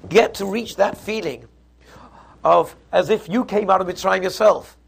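A man's voice: a little high, creaky, breathy edge. A man, teaching a Passover Torah class and explaining it step by step, with frequent restarts. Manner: explanatory, mixes Hebrew and Yiddish terms, frequent restarts. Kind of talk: Torah lecture.

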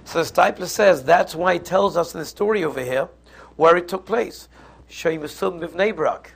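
A man's voice: high voice, moderate pace, gravelly, slightly rough. A man, teaching a Passover Torah class and explaining it step by step, with frequent restarts. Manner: explanatory, mixes Hebrew and Yiddish terms, frequent restarts. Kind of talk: Torah lecture.

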